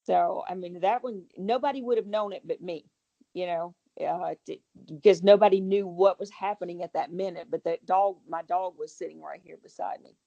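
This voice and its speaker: A woman with a low, gravelly voice tells her story in a chatty, rambling way, restarting her sentences as she goes. Her tone is dark and mellow. She speaks as a guest homeowner in a casual interview. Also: steady tone, moderate pace, dull audio.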